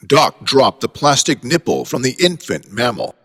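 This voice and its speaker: A man's voice: medium pitch, sing-song, moderate pace, hardly any pauses, a bit bright, husky. A man narrating a mystery audio story in a dramatic, wry way. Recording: long hall reverb.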